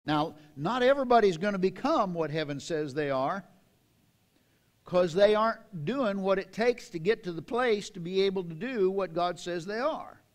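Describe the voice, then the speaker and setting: An older man preaching a sermon in a church, reading scripture with slow, dramatic emphasis. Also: high-pitched, expressive. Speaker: pastor. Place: church sanctuary.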